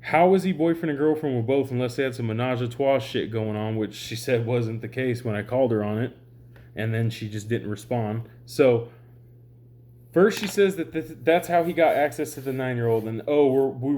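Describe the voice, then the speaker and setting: A man's voice: medium pitch, normal speed, a little mellow. Exhausted man ranting to camera. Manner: exasperated, rambling, swears often. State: exhausted, short on sleep. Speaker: online commentator. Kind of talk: heated vlog rant.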